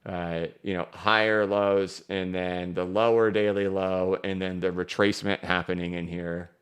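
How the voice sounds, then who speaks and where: The crypto market analyst hosting this live stream has a low-pitched, clear, resonant voice. Speaking fast with energy and emphasis, he goes through charts and reads out what viewers ask.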